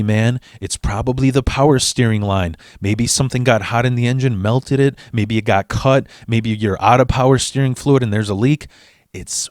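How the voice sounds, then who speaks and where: A man telling a comedic personal story in a rambling, profane, animated way. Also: mid-range voice, no room sound, studio quality.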